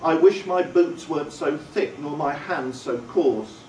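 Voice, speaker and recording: A man voicing an ashamed young boy who talks quietly and hesitantly. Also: fairly high pitch, unhurried, slight background noise, natural voice. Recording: roomy, distant, faint ambience.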